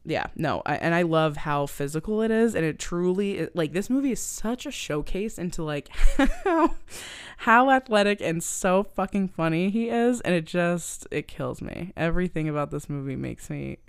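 A woman's voice: on the low side, normal speed, clean tone, no room sound. Woman cohost swearing a lot, voice jumps all over the place, dry sound. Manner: profane, energetic, acts out scenes. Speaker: podcast co-host. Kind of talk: casual movie-review chat.

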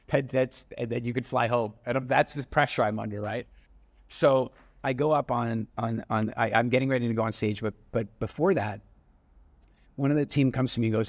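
A middle-aged man, an entrepreneur guest, telling stories in a casual, animated way with frequent restarts and acted-out dialogue. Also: medium pitch, brisk, gravelly. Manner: animated storyteller with many restarts, acting out dialogue. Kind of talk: casual storytelling interview.

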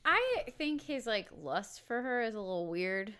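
A woman's voice: on the high side, sing-song, moderate pace, fairly bright tone, smooth. A woman co-hosting a podcast in casual chat, wry and chatty, often asking the others questions. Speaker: podcast co-host.

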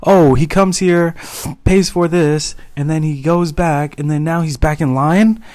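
A woman's voice: sits low, a little slow, a little mellow, pitched above the performer's own voice. A man putting on the voice of a middle-aged female counter worker who gossips mockingly and theatrically.

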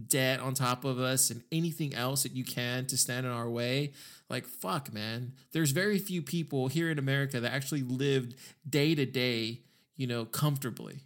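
A man's voice: medium pitch, a bit bright. A podcast host, a man, delivering a heated, sarcastic, profane rant as commentary.

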